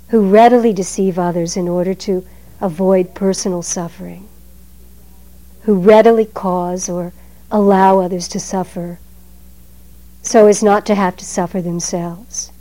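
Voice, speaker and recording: A woman giving a Zen dharma talk in a measured, emphatic way, letting her phrases trail off softly. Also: fairly low pitch, steady tone, poor audio.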